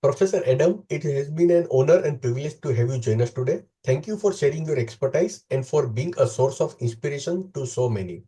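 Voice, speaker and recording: A man hosting a podcast, asking formal, polite interview questions in a measured way. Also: medium pitch, expressive, dark tone, slightly rough. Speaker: podcast host.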